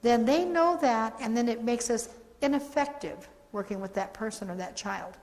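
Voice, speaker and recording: An older woman speaks as a foster care trainer, earnest and warm in her counsel. She acts out conversations as she tells her stories. Her voice carries a long reverb, as if in a large room. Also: a little high, moderate pace. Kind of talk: training video talk with stories.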